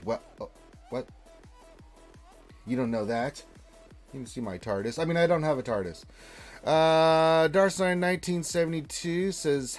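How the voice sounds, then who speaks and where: A man co-hosting a casual livestream, reading out viewer greetings and chatting with a rambling, opinionated manner. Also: medium pitch. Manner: reads chat names and greetings aloud, rambling and opinionated. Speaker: livestream co-host.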